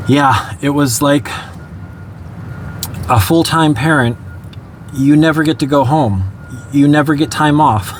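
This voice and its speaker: A man's voice: medium pitch, a little hiss or hum. A young man candidly telling his own life story in a casual, reflective way, often adding "you know" and small nervous laughs. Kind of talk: casual spoken memoir.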